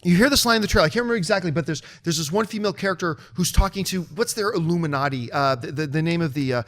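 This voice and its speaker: A man hosting a movie show, chatting casually and telling a story with lively mimicry of other people. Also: very fast. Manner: animated storytelling, mimics others in high excited voice. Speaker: show host. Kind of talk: casual chat.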